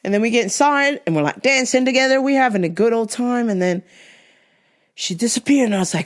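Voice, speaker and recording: A woman vlogger telling a comic personal story, animated and profane, acting out the people she quotes. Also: fairly high pitch, brisk.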